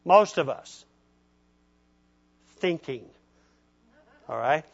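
A man's voice: a little high, expressive, drawn-out words, breathy edge. A male pastor giving a conversational sermon in a folksy way, often checking in with his listeners. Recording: dull lo-fi recording.

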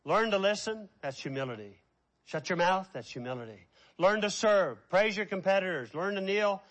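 A man preaching a sermon as pastor, stretching key words out slowly, then dropping to quiet, quick asides. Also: sits high, expressive. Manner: preaching with slow drawn-out emphasis and sudden quiet asides.

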